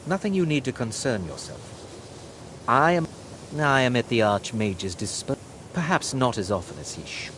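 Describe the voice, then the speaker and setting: A man's voice: medium pitch, very animated, moderate pace, noisy background, lightly acted. An actor playing a haughty, condescending male official who talks in a formal, dismissive way. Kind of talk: video game voice acting.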